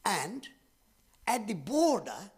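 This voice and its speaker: A man from India with an Indian accent, speaking at a public event and telling a personal story in an earnest way, with dramatic pauses. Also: sits high, very animated, husky.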